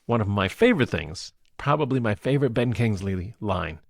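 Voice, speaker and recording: A man co-hosting a movie podcast, retelling film scenes in a casual, animated way and laughing often. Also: fairly low pitch, normal speed, gravelly, no room sound, clean studio sound. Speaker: podcast co-host. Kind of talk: casual movie review chat.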